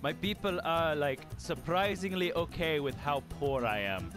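A man's voice: fairly high pitch, lively intonation, unhurried, over music. A young man giving casual let's play commentary, profane, exasperated and joking. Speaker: gamer.

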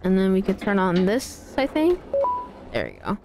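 A woman's voice: medium pitch, huge pitch swings, moderate pace, noisy background. Chatty woman streaming a game. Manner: chatty, playful, talks to chat. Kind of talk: live gameplay commentary.

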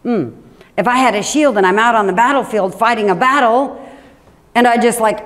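A woman pastor preaching a sermon in a church, animated and emphatic, with sudden drops to a quiet, low voice. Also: fairly quick. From Washington State.

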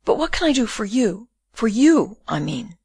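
A woman's voice: mid-range voice, big pitch swings, brisk, gravelly, husky, no echo, studio quality, exaggerated voice. A woman reading the part of a grieving young woman, pleading and tearful. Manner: pleading, tearful, breaking into sobs.

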